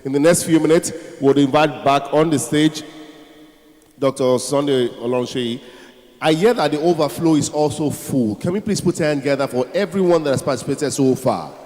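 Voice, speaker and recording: A man's voice: fairly high pitch, moderate pace, darkish tone. A man hosting a live conference event, rallying the audience to applaud guests. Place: large conference hall. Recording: echoey hall, faint crowd ambience.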